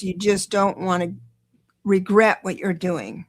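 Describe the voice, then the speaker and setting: A woman hosting a live-stream tarot reading, chatty and encouraging, talking quickly with many restarts. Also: mid-range voice, fairly even intonation. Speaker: tarot reader and show host.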